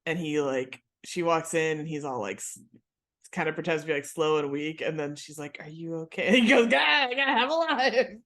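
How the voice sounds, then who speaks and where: A woman's voice: deep voice, normal speed. A woman co-hosting a podcast, chatting casually and retelling scenes with lots of laughter. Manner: giggly, animated retelling with quoted lines. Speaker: podcast co-host. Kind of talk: casual chat recapping a TV episode.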